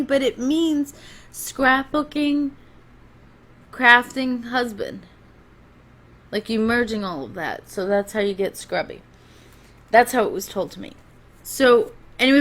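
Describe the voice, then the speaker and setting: Lady rambling through a book review at home, kinda high voice, takes her time. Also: a bit bright. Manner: chatty, rambling, with frequent restarts and laughs. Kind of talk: casual spoken book review.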